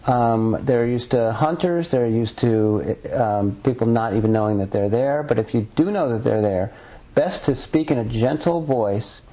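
A man's voice: mid-range voice, a little slow, warm tone, poor audio. A man being interviewed as an author and researcher, talking earnestly and rambling with frequent restarts. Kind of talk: conversational interview.

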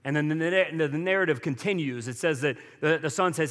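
A man's voice: a little high, a little fast, few pauses, fairly bright tone, long reverb tail. A man preaching a sermon as pastor, talking conversationally and acting out quoted lines with rising energy.

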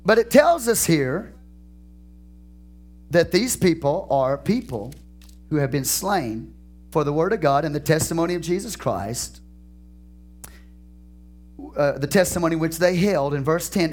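A man preaches a sermon with fervor, his pitch leaping and falling in lively swings. He moves between shouted peaks and slowed, drawn-out phrasing. Faint music plays softly behind him in the church. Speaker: pastor.

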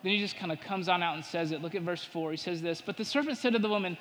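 A man preaching a sermon to his congregation. He builds to emphatic points and drops to hushed tones when voicing temptations. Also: high-pitched, fast talker, few pauses, long reverb tail. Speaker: pastor.

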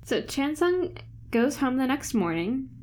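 A woman's voice: high-pitched, very animated, a little slow, a little mellow. A woman co-hosting a podcast, chatting and laughing as she recaps a TV show. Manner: giggly, chatty, quotes characters. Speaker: podcast co-host. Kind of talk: casual chat recapping a TV show.

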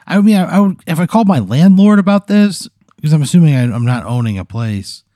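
A man's voice: on the high side, expressive, a little fast, mellow, dry recording, clean studio sound. A man co-hosting a comedy podcast, exasperated and swearing often as he reacts. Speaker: podcast co-host.

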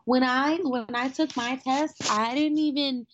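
Giggly woman, a bit raspy. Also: high voice, a little slow, highs cut off, noisy background. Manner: giggly, animated storytelling. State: slightly raspy from asthma. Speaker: podcast co-host. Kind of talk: casual chat.

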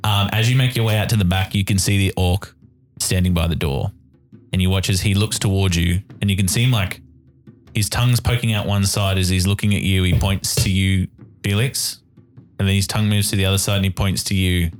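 A man's voice: sits low, fairly even intonation, a little fast, faint music behind. A man narrating as game master of a tabletop game, in loose, chatty narration.

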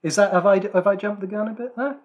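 A man's voice: high-pitched, fast, highs cut off. A man co-hosting a podcast in casual chat, talkative and self-deprecating, with frequent restarts and fillers. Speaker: podcast co-host.

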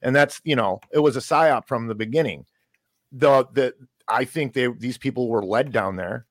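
A man's voice: mid-range voice, moderate pace, dry recording. A man giving his political opinion casually, stumbling and repeating words as he goes. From United States. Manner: hesitant, repeats words, rises when emphatic.

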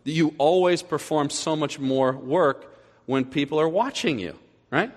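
A man preaching a sermon as pastor, animated, acting out little scenes in other voices as he goes. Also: a little high, measured pace. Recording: echoey hall with long reverb.

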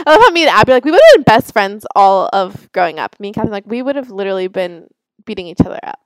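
A woman's voice: mid-range voice, very animated, quick pace, no echo, rough recording. A young woman hosting a podcast in casual chat, full of "like" fillers. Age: young adult. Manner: chatty, lots of "like" fillers. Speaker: podcast host.

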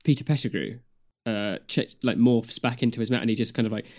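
A man's voice: medium pitch, steady tone, fairly quick, a little mellow. A young man, co-hosting a casual podcast with rambling, filler-heavy talk and dry humor. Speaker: podcast co-host. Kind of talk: casual chat.

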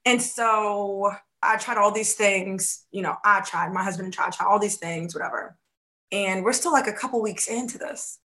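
A woman coaching on faith in a casual podcast chat, telling a lively story and acting out the dialogue, sometimes dropping to a hushed voice. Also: mid-range voice, moderate pace. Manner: animated storytelling, acts out quoted dialogue.

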